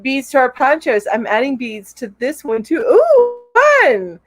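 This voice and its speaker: Her voice is high and her pace moderate as this middle-aged live show host reads out viewer comments on her casual stream. She's giggly and bubbly throughout, stopping to coo at her cat.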